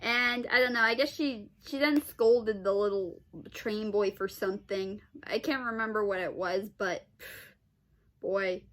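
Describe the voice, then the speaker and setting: A woman's voice: medium pitch, steady tone, a little slow. A woman vlogger telling a personal story in a casual, rambling way, full of restarts, sighs and exasperated "ugh"s.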